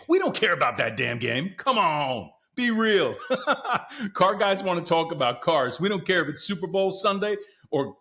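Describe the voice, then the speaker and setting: A man hosting a podcast, chatting in a loose and excitable way to his listeners. His voice sits at an ordinary, mid-range pitch for a man. He often calls out to his audience as guys. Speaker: podcast host. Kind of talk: casual solo commentary.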